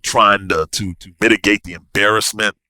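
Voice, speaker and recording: A man, a navy officer, telling a story as a podcast guest in an animated, excitable way with bursts of laughter. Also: fairly low pitch, moderate pace. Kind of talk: casual storytelling.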